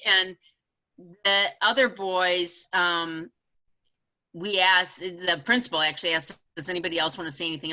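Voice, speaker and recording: A woman author and educator, a guest telling an animated, emphatic story in casual conversation. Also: lowish voice, poor audio.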